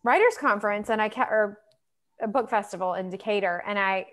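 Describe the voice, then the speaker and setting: A woman's voice: mid-range voice, brisk, a bit bright. A woman author in a casual interview chat over a video call, talking loosely with many fillers and laughs. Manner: chatty, lots of fillers and laughs. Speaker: author guest.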